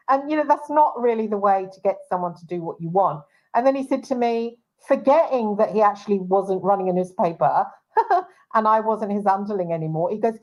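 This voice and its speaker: A woman's voice: medium pitch, lively intonation, brisk, poor audio. Agitated, indignant woman talk-show host. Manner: indignant, agitated, many restarts. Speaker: show host and private investigator. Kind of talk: casual talk-show chat.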